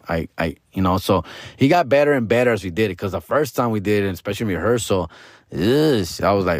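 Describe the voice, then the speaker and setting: A man's voice: lowish voice, animated, brisk, no room sound, clean studio sound. A man hosting a comedy podcast, telling a rambling story full of street slang and repeated restarts. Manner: slangy, rambling, calls the listener dog and fool. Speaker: podcast host.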